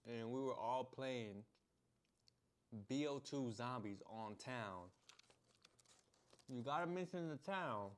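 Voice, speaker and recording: A man's voice: medium pitch, expressive, slow pace, pauses often. A young man tells a story straight to his viewers in loose, slangy talk. He laughs often and acts out the moments as he goes. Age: young adult. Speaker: vlogger. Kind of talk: casual storytelling to camera.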